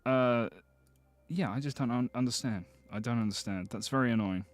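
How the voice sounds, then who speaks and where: A man streaming live, chatting casually with viewers, excitable and swearing often as he thanks them. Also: medium pitch, normal speed, faint music behind. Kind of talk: casual livestream chat.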